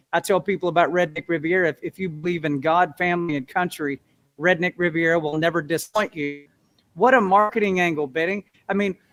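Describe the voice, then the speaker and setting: A man's voice: a little high, a bit bright. Earnest, folksy male interview guest. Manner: earnest, folksy storytelling, acts out everyday voices. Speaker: guest, musician and business owner. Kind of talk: interview answers.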